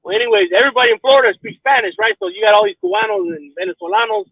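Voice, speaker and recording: A man's voice: extremely high pitch, very animated, very fast, creaky, no echo. A man in casual chat, rambling and swearing, often asking whether you follow him. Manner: profane, rambling, keeps asking "you know what I mean". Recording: tinny phone line, dry.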